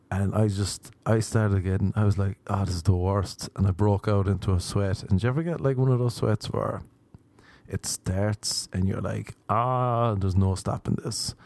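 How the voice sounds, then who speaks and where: A man's voice: lowish voice, warm tone, no echo. A young Irish man hosting a podcast, telling a rambling, self-deprecating comic story. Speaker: podcast host.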